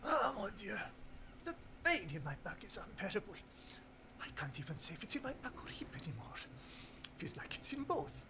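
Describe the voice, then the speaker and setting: A man's voice: high-pitched, big pitch swings, moderate pace, noisy background. Groaning frail old man. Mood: pained. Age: older. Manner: groaning, half-whispered complaints.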